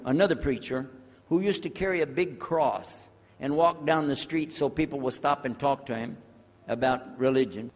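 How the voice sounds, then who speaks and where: An older American man telling his own story to an audience, acting out the dialogue with big swings in loudness. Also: a little high. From USA. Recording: long hall reverb.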